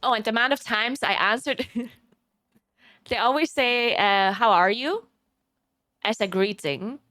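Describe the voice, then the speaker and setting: A woman's voice: on the high side, measured pace, no room sound. A young woman from Italy, a streamer, chatting casually with viewers and telling stories with a lot of laughter. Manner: animated storytelling, laughs often.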